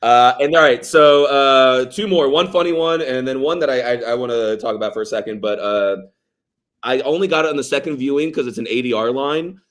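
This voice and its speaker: A man co-hosting a casual film podcast, talking through his favorite lines with an easy, conversational manner. He slips into quick impressions of characters as he quotes them, with a voice of middling pitch. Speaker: podcast co-host. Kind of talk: casual movie review chat.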